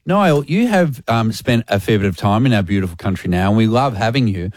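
A man's voice: fairly low pitch, lively intonation, fairly quick, darkish tone. A man hosting drive-time radio, asking playful, teasing questions. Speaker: radio host.

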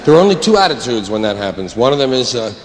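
Guy doing standup, rambling and jumpy, voice swings all over, long echo of a big hall, loud ambient noise behind. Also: very animated, very fast. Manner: rambling, digressive delivery with sudden jumps in pitch. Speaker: stand-up comedian. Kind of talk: stand-up routine.

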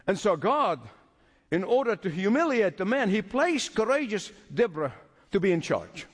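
Male preacher, high and animated delivery, emphatic sermon style, long hall echo. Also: normal speed. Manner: emphatic, repeats phrases for stress.

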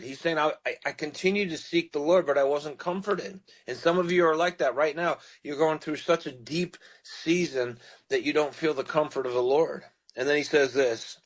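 A man preaching a radio sermon, reading scripture and then explaining it in an earnest, pastoral way. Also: medium pitch.

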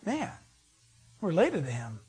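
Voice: mid-range voice, huge pitch swings, unhurried, mellow, breathy edge, pitched below the performer's own voice, exaggerated voice. A preacher retelling a story and voicing Naomi, an older widowed woman who chats casually as she plots a match. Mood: scheming. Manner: casual, chatty, scheming.

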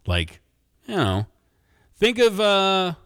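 A man hosting a sports radio show, trading quick jokes with his co-host and guest. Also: high voice, huge pitch swings, a bit bright, clean tone, no room sound, studio quality. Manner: joking, quick back-and-forth. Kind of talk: casual sports radio banter.

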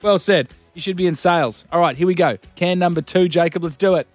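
A man's voice: high voice, brisk, faint music behind. Cheeky Australian radio host man. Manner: cheeky, teasing, lots of mate and laughs. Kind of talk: breakfast radio banter.

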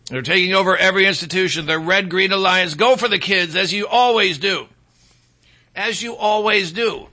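Sarcastic high gravelly male talk host. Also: pushed and bright. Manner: sarcastic, rambling, mocking asides. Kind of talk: opinionated talk monologue.

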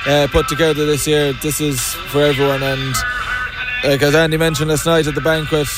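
A young Irish man answers modestly in a flat, slightly high voice, stopping and restarting as he goes. Loud music plays behind him throughout. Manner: modest, halting speech. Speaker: sports player interviewed. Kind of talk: on-the-spot interview.

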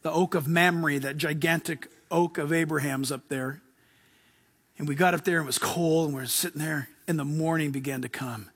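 A middle-aged male pastor giving a sermon in a casual, excitable, slangy way. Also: fairly high pitch, normal speed, slightly rough.

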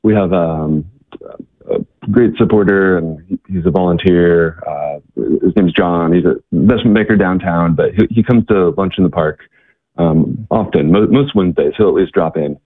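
Low-voiced man on a tinny phone-like line. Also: no echo. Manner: halting, with many fillers and repeated words. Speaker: guest, charity worker. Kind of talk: casual interview storytelling.

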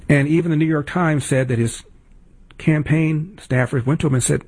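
A man's voice: fairly high pitch, normal speed, darkish tone, dry recording. A male radio talk host giving sarcastic, indignant political commentary and reading ads, with emphatic repetition.

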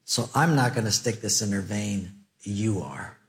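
A man doing a calm male doctor in a sermon story, his voice dropped low and quiet. He talks in a firm and steady way, with no hurry. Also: a little slow, natural voice.

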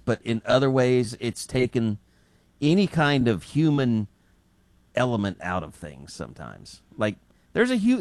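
A man from Scotland muses his way through a point in casual studio talk, filling pauses as he thinks. The sound is dry and close. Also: medium pitch, dry recording. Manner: rambling, thinking aloud with fillers.

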